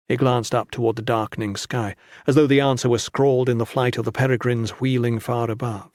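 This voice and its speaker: A man reading a fantasy audiobook in measured, even scripted narration. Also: mid-range voice, no room sound, studio quality.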